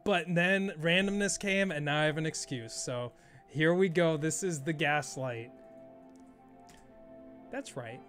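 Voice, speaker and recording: A man's voice: a little high, a little slow, pauses often, fairly bright tone, faint music behind. A young adult man chatting casually to his audience during a game live stream, rambling, self-mocking and swearing freely.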